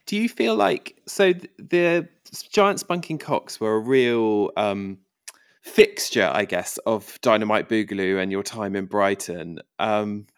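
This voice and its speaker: Low-voiced male interviewer, dry sound. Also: lively intonation, unhurried, clear, resonant tone, dry recording. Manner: hesitant, curious questioning with fillers. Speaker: interviewer, podcast host. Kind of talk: conversational interview.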